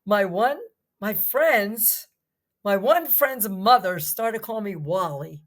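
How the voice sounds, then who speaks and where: Older woman, podcast guest, chatty, enthusiastic, rambling, middle pitch. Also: animated, slow. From New Jersey. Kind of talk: casual chat.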